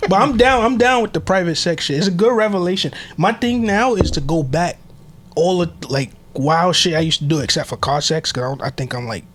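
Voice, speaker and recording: A man with a high voice co-hosts a podcast in casual chat, and his stories come out loose and slangy, broken up by frequent laughter. A faint hum sits under the recording. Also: brisk. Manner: animated storyteller, laughs often, slangy. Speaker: podcast co-host.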